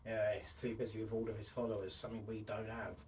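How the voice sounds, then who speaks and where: A man's voice: fairly low pitch, level tone, quick pace, darkish tone, recorded from a distance. A middle-aged man hosting a casual podcast, sighing and swearing in exasperation, sounding hot and sweaty. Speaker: podcast host. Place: hot room indoors. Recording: voice a bit off-mic with faint noise.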